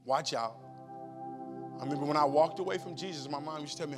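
A pastor preaches a sermon in a fairly high voice, talking fast with rhythmic, repetitive phrasing that builds in emphasis. Music plays behind him, and the recording carries a long hall reverb.

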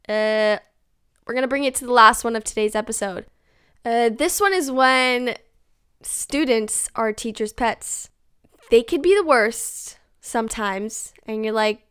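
A woman's voice: a little high, slow pace, long pauses, a bit bright, clear, resonant tone. A young woman hosting her own podcast, chatting casually and rambling with lots of "like"s, joking at her own expense. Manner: chatty, rambling, self-mocking, many "like"s. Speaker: podcast host. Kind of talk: casual solo podcast chat.

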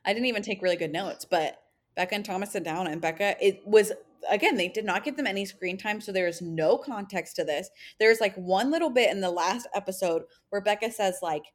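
A woman's voice: medium pitch, fairly quick. A young woman in her twenties co-hosting a podcast, chatting casually and acting out quotes with lots of fillers. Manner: animated retelling, acts out quotes, many "like" fillers. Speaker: podcast co-host. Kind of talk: casual chat recapping a reality show.

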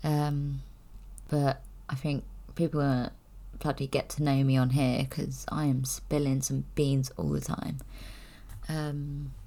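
A woman's voice: very deep voice, little pitch movement, takes it slowly, warm tone. A young woman chatting candidly to camera, rambling and giggling as she talks. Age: young adult. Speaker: vlogger. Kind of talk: casual chat.

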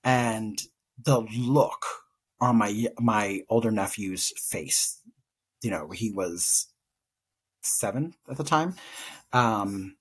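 A young man with a slightly husky, breathy voice shares a personal story as a podcast co-host. Earnest and reflective, he speaks slowly at a fairly low pitch with long pauses, his voice openly emotional as he works through a painful memory.

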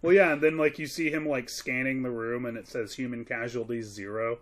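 A man's voice: mid-range voice, fairly even intonation, brisk, fairly bright tone. Enthusiastic, cursing male podcast co-host. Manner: enthusiastic, swears freely, laughs often. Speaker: podcast co-host reviewing films. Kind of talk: casual chat.

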